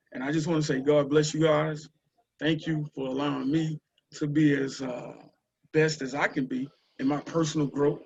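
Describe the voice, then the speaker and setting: A man from Houston, telling a story and urging listeners on a group call, with animated, repetitive exhortation. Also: a little high, breathy edge. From Houston, Texas. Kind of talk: motivational storytelling. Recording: muffled lo-fi call audio.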